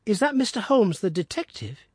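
A gushing, high-voiced teenage boy. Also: very animated, normal speed, a little mellow, husky, no echo, clean studio sound, exaggerated voice. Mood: eager. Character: excitable teenage boy, clingy and emotional. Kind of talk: audiobook character reading.

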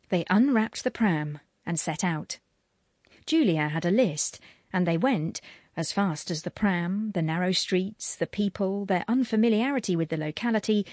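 A woman narrating a novel in a measured, clear storytelling manner. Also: lowish voice, a little mellow, dry recording, studio quality. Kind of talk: audiobook narration.

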